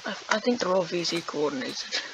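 A woman's voice: on the low side, expressive, a little fast. Young woman whining through a game. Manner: dramatic, whiny, swings between loud outbursts and mumbling. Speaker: gamer. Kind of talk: casual gameplay commentary. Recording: noisy background.

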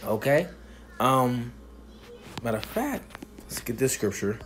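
A man preaching a sermon, reading scripture verses slowly and then explaining them, asking "you see?" again and again. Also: medium pitch, very animated, a bit bright, slight background noise. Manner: emphatic, punctuates with "you see?".

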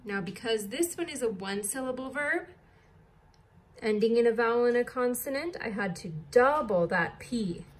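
A woman's voice: on the high side, animated, moderate pace. A woman teacher leading a recorded distance-learning lesson, patiently spelling words letter by letter.

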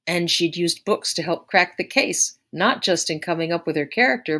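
Female audiobook narrator, low voice, measured and expressive. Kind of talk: read-aloud narration of a story.

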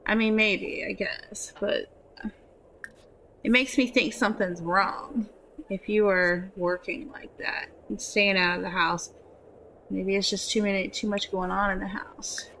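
A woman's voice: mid-range voice, steady tone, unhurried, sharp tone, slight background noise. A woman giving casual gameplay commentary, chatting to her characters and swearing offhandedly. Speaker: gameplay streamer.

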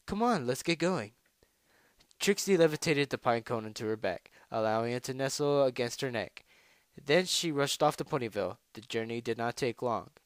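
Brief: a man reading a fan story, halting and self-correcting, dry and close. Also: mid-range voice, no room sound. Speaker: narrator.

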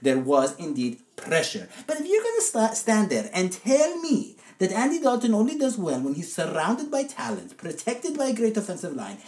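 A woman's voice: mid-range voice, huge pitch swings, moderate pace, hardly any pauses, darkish tone, echoey room. A woman co-hosting a comedic football podcast, ranting in an indignant, sarcastic, theatrical way. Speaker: co-host and football analyst. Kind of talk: comedic sports podcast rant.

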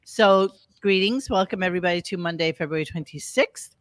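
A podcast host chatting casually, rambling and halting with fillers and restarts. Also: medium pitch, no echo. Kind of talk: casual chat.

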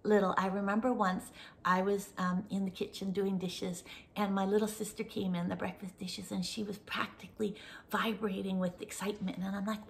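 A woman's voice: mid-range voice, fairly even intonation, moderate pace, slight background noise. Middle-aged woman host, cozy rambling storyteller, slips into a whisper for suspense. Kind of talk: casual chat, storytelling.

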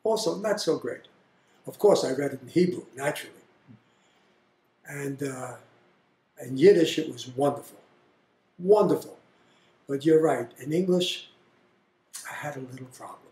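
A man voicing his proud older immigrant father, who answers a boast slowly and with quiet, deflating wit. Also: mid-range voice, roomy sound, close to an everyday voice. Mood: wry.

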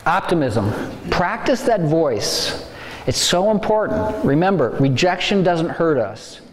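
Animated man lecturing in an echoey hall. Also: fairly high pitch, a little slow, a little hiss or hum. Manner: animated, acts out worried inner voices. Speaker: speaker. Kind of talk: faith-based lecture on stress. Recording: echoey hall, faint ambience.

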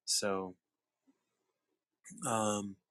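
A man hosting a daily reading show, reflecting aloud in a musing, unhurried way with some restarts. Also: fairly low pitch, little pitch movement, clear, resonant tone, no echo. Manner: musing, unhurried, with restarts and shifts into soft tones. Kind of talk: reflective reading and casual talk.

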